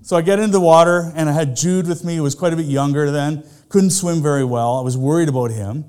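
A man's voice: on the high side, fast, warm tone, smooth. A middle-aged man, a pastor, preaching a sermon in a conversational way, full of rhetorical questions to the congregation.

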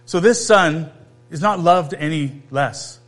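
A man delivering a sermon in an easy, conversational way, leaning on emphasis and pauses. He often turns to his listeners with questions. His voice sits a little higher than most men's. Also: a bit bright. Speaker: pastor.

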